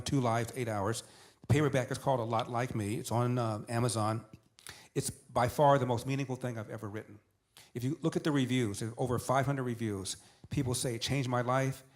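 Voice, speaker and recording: An older man tells a family story as a guest in an interview, slipping into the voices of the people he quotes. He builds his points by repeating phrases and stacking them one after another. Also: medium pitch. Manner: animated storyteller who acts out dialogue and repeats for emphasis. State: tearing up.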